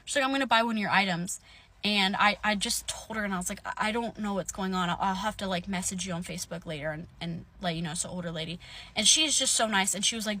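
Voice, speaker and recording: A woman's voice: mid-range voice, pushed and bright. A young woman telling a long story straight to camera, angry and swearing, rambling with lots of fillers. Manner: angry, swearing, fast rambling with many likes. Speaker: vlogger telling a roommate story. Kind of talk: casual storytime rant.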